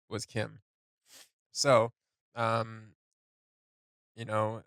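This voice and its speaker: A tearful man hosting a song reaction, talking in a halting, emotional way as he comments on what he hears. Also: lowish voice, fairly bright tone, no room sound. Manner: halting, emotional, thinking aloud. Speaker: music reaction host.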